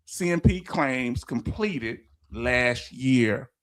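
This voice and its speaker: A man's voice: medium pitch, expressive, extremely slow, a bit bright. A man with a Southern US accent hosting a casual livestream. He reads viewer comments aloud, laughs easily and stumbles over words. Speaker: livestream host.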